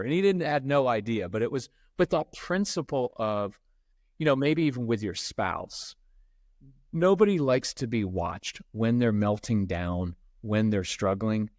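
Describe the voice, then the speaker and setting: In clean, studio-recorded audio with no room sound, a middle-aged man with a mid-range voice talks at a moderate pace. He's a parenting expert guesting on a podcast, an animated storyteller who plays out the quotes of people in his anecdotes during the conversational interview.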